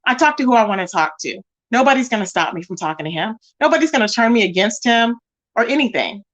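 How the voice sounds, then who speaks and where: A woman's voice: a little high, animated, fast talker, fairly bright tone. A woman hosting a casual livestream, greeting viewers by name and reading their comments aloud in an emphatic, repetitive way. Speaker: livestream host.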